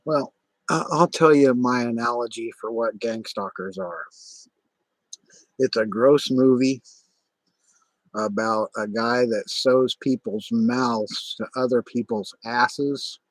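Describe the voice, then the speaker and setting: A middle-aged man talks slowly on his livestream, stumbling and restarting as he grumbles. His voice sits at an ordinary pitch. The sound is dry and close, with no room around it. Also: steady tone, dry recording. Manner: rambling, halting, irritable, many restarts. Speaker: livestream host. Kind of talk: casual livestream monologue.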